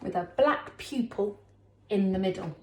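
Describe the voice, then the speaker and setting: Infant teacher, female, slow and lilting, fairly high, echoey room. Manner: slow, sing-song, encouraging teacher talk with big pitch swings. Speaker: primary school teacher. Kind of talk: recorded classroom lesson for young children.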